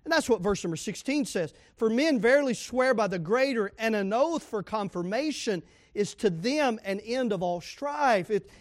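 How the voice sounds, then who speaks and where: A man preaching a sermon as pastor, reading scripture aloud, asking the congregation questions and swinging into sudden loud emphasis. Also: high voice, no echo, clean studio sound.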